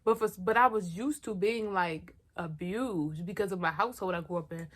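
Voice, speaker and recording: A woman's voice: fairly low pitch, normal speed, fairly bright tone. A young woman telling a personal story in a storytime vlog, candid and slangy, talking straight to her viewers and poking fun at herself. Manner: blunt and self-mocking. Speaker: vlogger.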